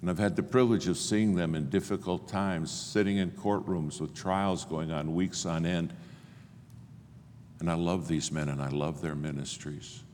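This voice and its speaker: An older man preaching a sermon, telling stories and acting out the dialogue with big swings in pitch and loudness. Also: steady tone, normal speed, a little hiss or hum. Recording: long hall reverb, faint ambience.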